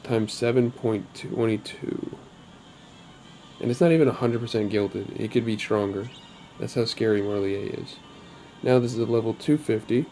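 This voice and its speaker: A man's voice: fairly low pitch, fairly even intonation, normal speed, dark tone, soft background music. A man hosting his own gaming channel, talking casually over gameplay in a chatty, upbeat way with rambling asides.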